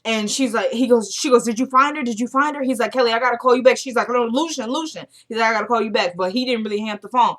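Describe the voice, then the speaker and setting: A woman's voice: fairly high pitch, fast, few pauses. A young woman chatting casually as she recaps a TV episode, retelling scenes by quoting the characters.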